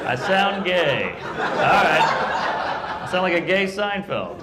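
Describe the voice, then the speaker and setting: A man doing a stand-up comedy set, delivering deadpan punchlines and briefly voicing the people in his jokes. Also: high voice, moderate pace, over a noisy crowd, very noisy.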